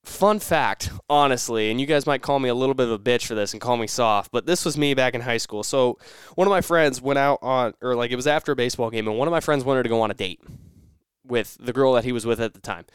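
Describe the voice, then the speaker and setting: A young man chats on his own podcast in a loose, rambling way, doubling back to correct himself as he goes. His voice is remarkably smooth and clean. The sound is dry and close, with no room around it. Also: medium pitch, fast talker, no echo. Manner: rambling, self-correcting storyteller. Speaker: podcast host. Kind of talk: casual solo podcast chat.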